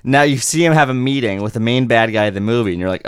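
A man in casual comedic conversation, rambling through stories and acting out quoted lines with animated swings. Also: medium pitch, fairly quick, clear, resonant tone, dry recording, clean studio sound.

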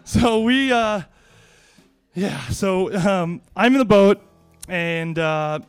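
Man with a high, smooth voice, casual anecdote, lively and laughing, faint music behind. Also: slow. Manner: lively, laughs often, many restarts. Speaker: storyteller.

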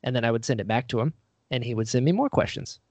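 A man's voice: medium pitch, animated, fast, a little mellow, no room sound. A man, a guest on an interview show, telling a story in a casual, self-deprecating way, acting out the voices he quotes. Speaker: podcast guest, actor and writer. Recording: dull lo-fi dry recording.

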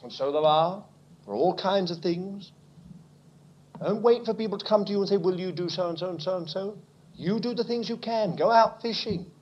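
A man preaching a sermon, swinging from quiet asides to loud exclamations. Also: high voice, moderate pace, a little hiss or hum. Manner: animated preaching, dropping to near-whispers and rising to exclamations. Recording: muffled lo-fi recording.

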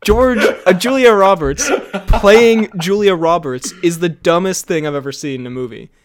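A young man with a somewhat high voice chats on a podcast. He rants animatedly about his opinions and giggles between points. The talk is loose and informal. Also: normal speed, background noise. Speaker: podcast co-host. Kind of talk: casual chat.

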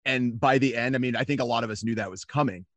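A man co-hosting a podcast in casual chat, agreeable and quick to chime in. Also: mid-range voice, fairly bright tone, no echo. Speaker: podcast co-host.

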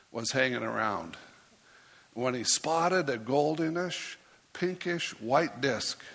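A man's voice: on the high side, fairly bright tone, husky, big-room sound. A man preaching as a pastor, reading a rhyming story aloud in a playful way and putting on voices for the characters.

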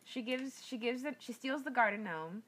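A woman's voice: fairly high pitch, animated, moderate pace, a bit bright. Teasing, laughing woman podcast co-host. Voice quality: playful, teasing, laughs often. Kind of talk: casual chat about movies.

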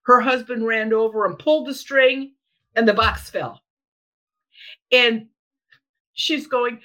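A woman's voice: fairly high pitch, measured pace, long pauses, low-quality recording. A middle-aged woman telling a personal story in casual chat, acting out what people said. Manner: animated, acts out quoted voices. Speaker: storyteller guest.

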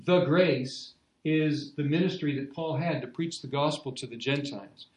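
A man's voice: a little high, moderate pace, roomy sound, poor audio. A man preaching an expository sermon, earnest, repeating key phrases for emphasis. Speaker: pastor.

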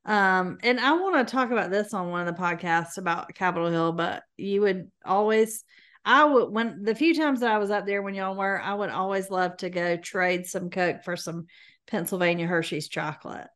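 A woman's voice: mid-range voice, normal speed, a bit bright. Chatty woman podcast co-host. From American South. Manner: chatty, sarcastic, playful. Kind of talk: casual chat.

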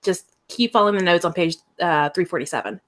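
A woman voicing a harried high school teacher who gives clipped, weary instructions. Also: fast talker, fairly bright tone, lightly acted.

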